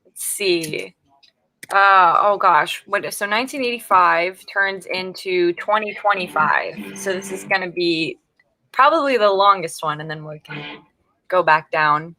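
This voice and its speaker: A woman's voice: on the low side, a little slow, sharp tone, soft background music. A woman hosting a casual livestream, reading out chat messages, laughing often and tripping over her words. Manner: giggly, trips over words.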